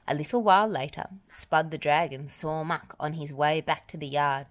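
A woman reading a children's picture book aloud in a slow, gentle way. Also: sits low. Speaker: storybook reader.

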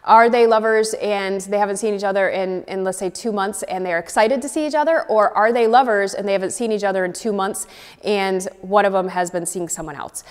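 Woman acting coach, mid-pitched and easygoing, clear encouraging explanations, long hall reverb. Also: a little fast. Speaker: acting teacher. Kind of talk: explaining an exercise to a class.

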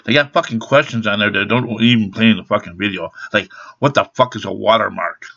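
A man's voice: lowish voice, a little fast, vocal fry, bright, forceful tone. A man in his fifties ranting angrily to his camera, swearing constantly in a blunt, aggrieved way. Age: 50s. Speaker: vlogger. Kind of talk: angry rant to camera. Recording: dull lo-fi webcam sound.

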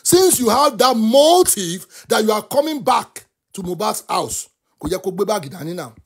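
Impassioned high gravelly Nigerian man. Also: expressive, normal speed. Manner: impassioned, switches between English and Yoruba, often bursts into shouts. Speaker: talk show host. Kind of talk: animated commentary rant.

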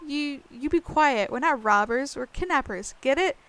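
A woman doing a gruff kidnapper thug. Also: high-pitched, animated, normal speed, a bit bright, poor audio. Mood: threatening. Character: rough young male kidnapper thug, boastful. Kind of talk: reading game dialogue aloud.

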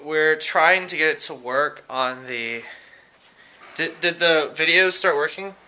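Young guy vlogger, fairly high, very bright voice, rambling, giggly shout-outs. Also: slow pace. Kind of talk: casual shout-out vlog. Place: room at home.

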